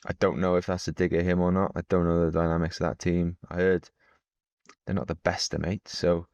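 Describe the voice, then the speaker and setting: A man's voice: deep voice, little pitch movement, brisk, a little mellow, no room sound, muffled recording. A man in his thirties, a podcast co-host talking bluntly and chattily, offering wry opinions. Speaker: podcast co-host, pro cyclist. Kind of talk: casual chat.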